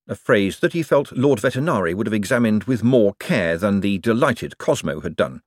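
Low-voiced, animated male audiobook narrator. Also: normal speed, few pauses, dry recording, studio quality. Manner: expressive, animated storytelling.

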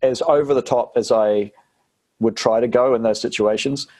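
A man's voice: mid-range voice, steady tone, moderate pace, darkish tone. A man from New Zealand with a New Zealand accent, an actor chatting casually as an interview guest, rambling with fillers and restarts.

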